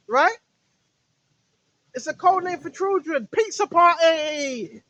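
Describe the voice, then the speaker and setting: High-voiced woman preaching in a rambling way. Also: animated, unhurried, no room sound, poor audio. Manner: repetitive, fires rhetorical questions at listeners; talks straight to listeners, now and then shouting rebukes at spirits. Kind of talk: rambling spiritual monologue.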